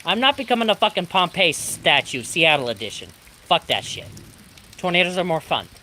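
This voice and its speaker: Profane ranting storm streamer, lively pitch. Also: moderate pace, slight background noise. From Pacific Northwest of the US. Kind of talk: live-streamed storm chat. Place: home during a thunderstorm, rain outside. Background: rain.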